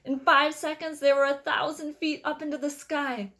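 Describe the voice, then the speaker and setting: A woman reading a children's novel aloud with expressive storytelling. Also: high voice, moderate pace. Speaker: reader.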